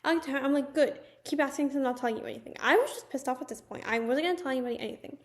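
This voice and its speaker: A young woman telling a personal story in a casual, animated storytime manner, with lots of "like"s. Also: sits high, rapid-fire. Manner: chatty, animated storytelling with many "like"s. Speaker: vlogger.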